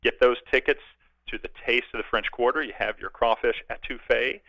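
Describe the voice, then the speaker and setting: A man's voice: medium pitch, fairly even intonation, a little fast, dry recording. A man promoting upcoming events as a guest on a radio show, talking in an upbeat, friendly way. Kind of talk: casual radio interview. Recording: dull lo-fi radio sound.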